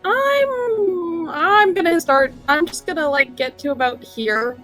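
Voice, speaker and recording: A woman's voice: very high voice, slow, a bit bright, faint music behind. A woman chatting as a player in a tabletop game, hesitant and giggly, stumbling over her words. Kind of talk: casual tabletop chat.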